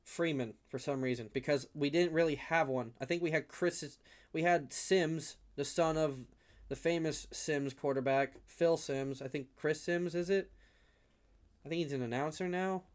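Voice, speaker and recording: Young male streamer, fan play-by-play from his home room, slightly higher voice, rambles and gets heated. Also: moderate pace. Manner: rambling, gets worked up and shouts at big hits. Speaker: livestream play-by-play host. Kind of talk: casual fan play-by-play commentary.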